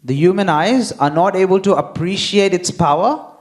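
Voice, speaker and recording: A man with a slightly high voice delivers a devotional class at an easy, unhurried pace. He checks in with the listeners again and again and acts out the voices in the stories he tells. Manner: unhurried, frequent "hmm?" check-ins, acts out quotes. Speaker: temple speaker.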